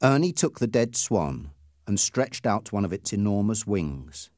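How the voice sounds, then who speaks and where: Male narrator reading a storybook, slow and careful, very lively pitch, dry sound. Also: no echo. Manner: slow, clearly paced reading.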